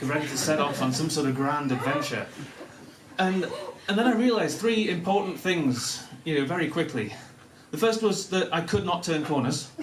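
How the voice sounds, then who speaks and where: A young man from Newcastle with a softened Northern English accent, telling a self-deprecating personal story to a live audience, often laughing as he talks. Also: a little high. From Newcastle, North of England. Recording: echoey room, mic at a distance.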